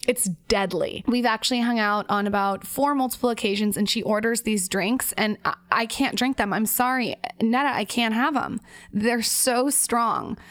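A woman's voice: a little high, normal speed, a bit bright, dry recording. Chatty upbeat woman co-host. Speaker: podcast co-host. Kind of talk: casual chat.

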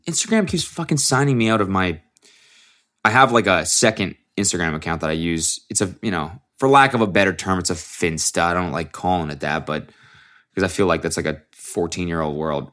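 A man with a fairly low voice chats alone on his podcast. He rambles and swears freely, restarting his sentences as thoughts pile up. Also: sharp tone. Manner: rambling, profane, self-interrupting. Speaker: podcast host and aspiring comedian. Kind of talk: casual solo podcast monologue.

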